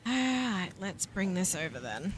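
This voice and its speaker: A young Australian woman streaming a factory-building game, thinking aloud and chatting with viewers, quick to laugh at herself. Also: mid-range voice, sing-song, slight background noise. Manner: self-deprecating, laughs easily. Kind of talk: casual let's-play commentary. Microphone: desk mic, voice only without face cam.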